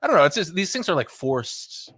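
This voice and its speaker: Bright, dry-sounding man chatting laid-back. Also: fairly high pitch, very animated, brisk, slightly rough, no room sound. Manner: laid-back, laughing, says "dude" and "like" often. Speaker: podcast co-host. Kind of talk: casual chat.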